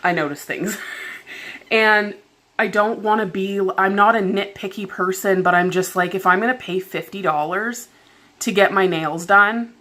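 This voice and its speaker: A woman vlogger recounts something at home in an exasperated, casual way, peppering her retelling with "like." Her mid-range voice is fairly bright and moves at a moderate pace.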